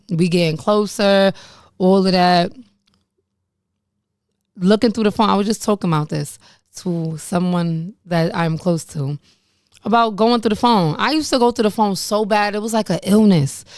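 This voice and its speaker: A woman's voice: medium pitch, moderate pace, a little mellow, no room sound, clean studio sound. A woman in her late twenties telling her life story straight to the camera, blunt and conversational, swearing freely and laughing at herself. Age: late 20s. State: pregnant. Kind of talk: candid storytime monologue.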